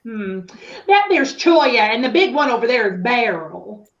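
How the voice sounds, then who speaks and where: A woman voicing a pedantic, prickly female cactus in a stage play, speaking slowly and sarcastically. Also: fairly high pitch, very animated, highs cut off, noisy background. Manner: slow, correcting, sarcastic.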